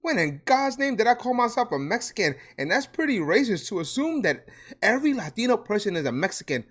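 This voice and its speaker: A man's voice: high-pitched, sing-song, brisk, a bit bright, slightly rough. A man from Puerto Rico with a New York accent, answering hateful comments as a vlogger, sarcastic and mocking. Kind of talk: reacting to comments.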